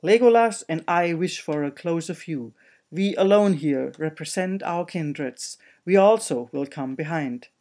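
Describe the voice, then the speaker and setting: A man's voice: fairly high pitch, a little slow, darkish tone. A man voicing a stubborn, bold male dwarf who speaks insistently.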